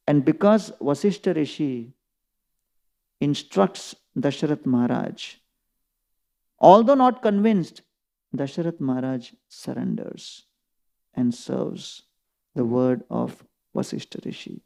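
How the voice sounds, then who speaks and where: A man giving a scripture class, retelling an epic story in an animated storytelling manner. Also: mid-range voice, slow, gravelly, pauses often. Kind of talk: scripture lecture.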